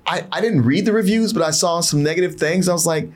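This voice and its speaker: A man's voice: fairly high pitch, normal speed. A man chatting casually about a movie he just saw, often laughing and quoting his own reactions. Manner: animated, laughing, quotes himself in asides. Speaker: co-host. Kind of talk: casual movie review chat.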